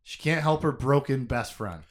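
A man's voice: mid-range voice, expressive, moderate pace. A young man co-hosting a podcast, chatting casually about a novel in an emotive, conversational way with plenty of fillers and laughter.

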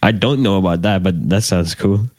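A man co-hosting a podcast, explaining an idea in a casual, halting way with pauses and fillers. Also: low-pitched, darkish tone, no echo. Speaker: podcast co-host. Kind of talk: casual chat.

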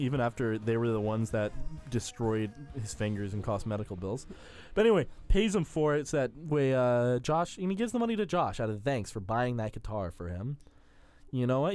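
A man's voice: medium pitch, a little mellow, clear, resonant tone. Joking young man with a sore throat. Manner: joking, playful self-mocking. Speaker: podcast co-host. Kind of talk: casual chat reviewing a sitcom.

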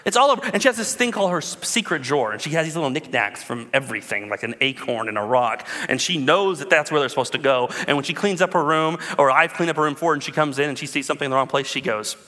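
Animated male preacher in a reverberant hall. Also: on the high side, fast talker, hardly any pauses. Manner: animated storytelling, calls to the congregation. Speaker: pastor. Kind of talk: sermon.

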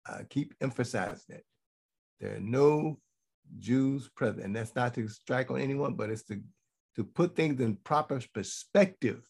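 A man's voice: mid-range voice, lively intonation, measured pace, vocal fry, darkish tone, slightly rough. A man giving a Bible teaching sermon to a congregation. He repeats his points for emphasis and keeps checking in with "okay?".

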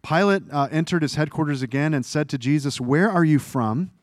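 A man's voice: a little high, fairly quick, dry recording, clean studio sound. A man preaching a sermon, reading scripture aloud and explaining it earnestly, his voice rising and dropping for emphasis. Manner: earnest, explanatory preaching with small self-corrections. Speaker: pastor.

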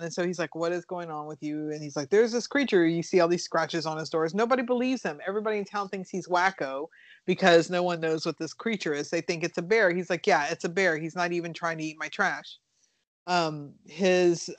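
A woman co-hosting a casual podcast, rambling through movie plots in an animated way, with fillers and the odd swear. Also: fairly low pitch, dry recording. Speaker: podcast co-host reviewing horror films.

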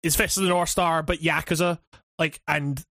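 A man's voice: a little high, fairly even intonation, moderate pace, pushed and bright, no room sound, studio quality. Rambling man on a gaming podcast. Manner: rambling, hesitant, swears freely. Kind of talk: casual gaming chat.

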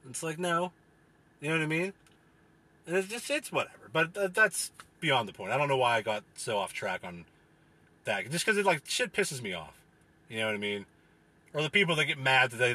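A young man ranting casually with profane, rambling talk and many fillers, sometimes mocking people in a whiny high voice. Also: bright, forceful tone, breathy edge. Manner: mocks others in a whiny falsetto.

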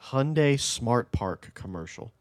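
A man of middle pitch making provocative jokes in a deadpan way on a podcast, while his voice still rises and falls a lot. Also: slow pace. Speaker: podcast co-host. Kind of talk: casual chat.

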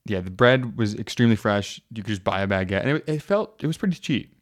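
A young American man co-hosting a podcast, chatting casually in a relaxed, rambling way full of "like". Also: lowish voice, quick pace. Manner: relaxed, rambling, heavy use of "like". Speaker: podcast co-host. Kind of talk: casual chat.

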